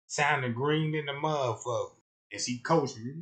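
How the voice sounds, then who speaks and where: A man streaming live, riffing in a rambling comedic rant that swings between loud outbursts and low mutters, checking in with his listeners again and again. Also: moderate pace. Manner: rambling, keeps asking "you know what I'm talking about".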